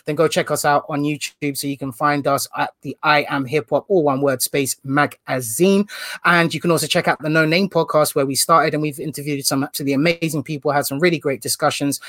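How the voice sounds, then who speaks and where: A man hosting a casual podcast, energetic and slangy, joking as he runs through plugs. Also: fairly high pitch, no room sound, studio quality. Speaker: podcast host.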